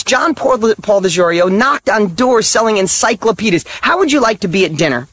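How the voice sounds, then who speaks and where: A man's voice: high voice, animated, fairly quick, fairly bright tone, no room sound. A middle-aged man giving a motivational talk, driving his points home with punchy, short, repeated statements. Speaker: motivational speaker.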